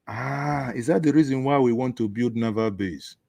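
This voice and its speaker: A man's voice: medium pitch, moderate pace, creaky, darkish tone, no room sound. A man with a Nigerian accent hosting a call-in show, mocking the news with sarcastic jokes. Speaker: host taking callers. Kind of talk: satirical call-in chat.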